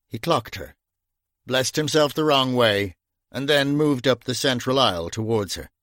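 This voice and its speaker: A man reading a crime novel aloud in measured, even narration, close to the mic. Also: mid-range voice, no echo. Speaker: audiobook narrator. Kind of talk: scripted narration.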